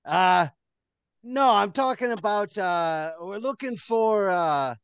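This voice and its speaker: A man voicing a gruff male town guard who barks "oi" and then turns apologetic and rambling. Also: sits high, lively intonation, slow, a bit bright, dry recording, pitched above the performer's own voice, exaggerated voice. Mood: flustered.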